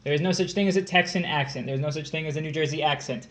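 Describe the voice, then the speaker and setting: Man, stream co-host, dry wry quips, somewhat high voice. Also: very fast, fairly bright tone. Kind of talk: casual livestream banter.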